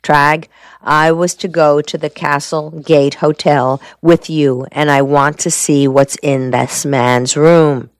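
Man reading as a calm, shrewd defense lawyer in an audiobook, low and measured. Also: smooth, no room sound, clean studio sound.

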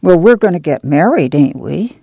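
A reader voicing a quick-tempered young woman who snaps back sharply. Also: medium pitch, very animated, creaky, breathy edge, no room sound, clean studio sound, exaggerated voice. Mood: indignant. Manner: indignant, sharp retorts.

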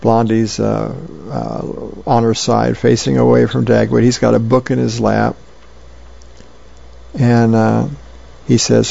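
A man's voice: medium pitch, flat delivery, takes it slowly, creaky, dark tone, muffled recording. A man volunteer reader casually reading comic strips aloud, with fillers. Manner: easygoing, plain storytelling with fillers.

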